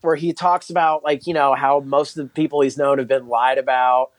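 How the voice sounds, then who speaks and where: A man's voice: medium pitch, level tone, no echo. A man co-hosting a podcast, telling rambling stories full of restarts and swearing. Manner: rambling, halting, profane storytelling. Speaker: podcast co-host. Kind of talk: casual podcast chat.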